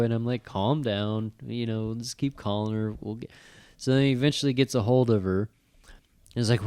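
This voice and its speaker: Man, middle-aged, smooth clear voice, low-pitched, swearing storyteller, dry close sound. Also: normal speed, dry recording. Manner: animated storyteller, swears a lot, acts out quotes. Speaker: podcast co-host. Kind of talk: casual chat.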